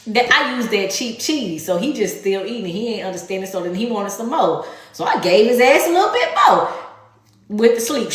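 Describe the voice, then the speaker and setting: A woman's voice: mid-range voice, a bit bright, heavy reverb. A woman telling a personal story in casual storytime style, blunt and full of profanity, acting out the voices of the people in it.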